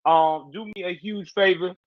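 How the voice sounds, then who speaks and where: A man's voice: sits high, fairly even intonation, normal speed, no echo, dull audio. A man hosting a casual livestream, talking in loose slang and answering his viewers' chat. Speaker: livestream host.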